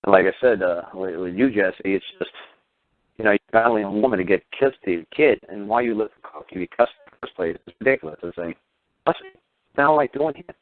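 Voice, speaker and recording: A man's voice: low-pitched, quick pace. A man hosting a radio show, ranting heatedly and firing off sarcastic rhetorical questions with some swearing. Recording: tinny phone-line radio audio.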